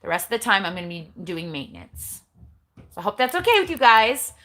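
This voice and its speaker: A woman's voice: mid-range voice, big pitch swings, fairly quick, sharp tone. Chatty, blunt middle-aged woman vlogger. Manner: chatty, blunt, eye-rolling asides. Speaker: keto vlogger. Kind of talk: casual livestream chat. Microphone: phone.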